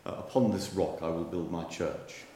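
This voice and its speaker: A man voicing the Pope, a quick, self-assured elderly male church leader with a dry, confident manner, in a joke told during a sermon. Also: sits low, mellow, reverberant, long reverb tail.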